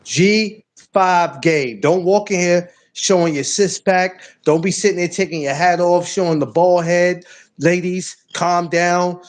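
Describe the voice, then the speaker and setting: A man hosting a podcast in casual banter, loud and joking, repeating himself for effect. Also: high voice, a little slow. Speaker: podcast host.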